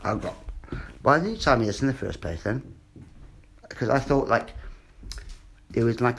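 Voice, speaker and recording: A man's voice: medium pitch, a little hiss or hum. A man, ranting in a rambling, sweary monologue and repeating himself. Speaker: vlogger.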